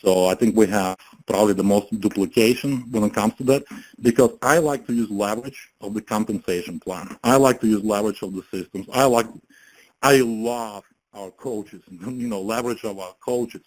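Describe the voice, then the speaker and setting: A man's voice: lowish voice, moderate pace, darkish tone, poor audio. A man, telling his story in a casual motivational talk, chatty, laughing often and full of fillers and restarts. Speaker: network marketing speaker.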